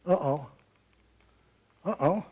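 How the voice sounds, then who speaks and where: A man's voice: a little high, slow pace, husky. A man giving a talk at a community club meeting, telling a joke and chatting casually with the audience. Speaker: guest speaker. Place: meeting hall. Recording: dull lo-fi audio.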